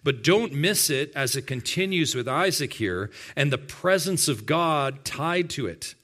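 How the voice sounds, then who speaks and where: A man preaching a sermon to his congregation, addressing them directly and slowing to stress key words. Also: on the high side, animated, fairly bright tone. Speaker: pastor.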